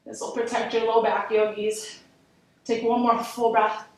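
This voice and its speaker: A woman's voice: fairly high pitch, level tone, a little slow, a little mellow, recorded from a distance. A woman yoga instructor guiding a workout class, encouraging and counting down reps. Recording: echoey room, voice from off-mic.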